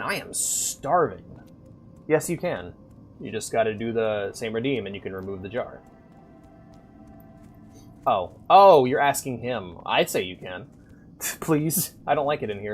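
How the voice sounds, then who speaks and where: A man's voice: medium pitch, lively intonation, a little slow, long pauses, faint music behind. A man chatting casually and crudely with viewers while live-streaming a game. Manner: crude, joking, chats with viewers.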